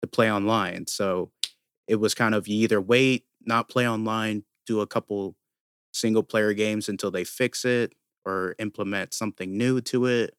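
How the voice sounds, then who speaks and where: Low voiced guy rambling about games on a podcast, dry close sound. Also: steady tone, normal speed, fairly bright tone, smooth, no room sound. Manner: rambling, explains at length with fillers. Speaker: podcast co-host. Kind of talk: casual gaming podcast chat.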